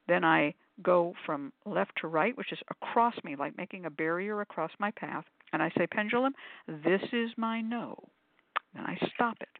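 A woman's voice: lowish voice, no room sound. Chatty woman on a tinny call. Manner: chatty, animated storyteller, acts out quotes. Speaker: shop owner and pendulum teacher. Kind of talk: casual conversation, demonstrating. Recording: phone-like dry audio.

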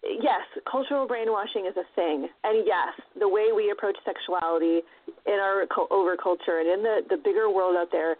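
A woman's voice: medium pitch, moderate pace, dry recording. A passionate woman talks in a casual discussion, hitting her points hard and swearing freely. The sound is thin and phone-like, with a dry, close feel.

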